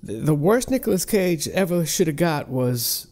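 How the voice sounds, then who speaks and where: A man co-hosts a casual podcast chat, loose and profane, rambling through his points. He is getting over a cold. His pitch rises and falls in a lively way. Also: moderate pace. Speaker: podcast co-host.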